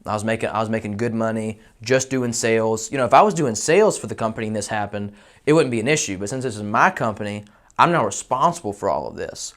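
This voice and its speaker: A roofing company owner, telling a personal story in a candid, animated, self-deprecating way. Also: male voice, lowish voice, fast talker. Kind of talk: casual storytelling.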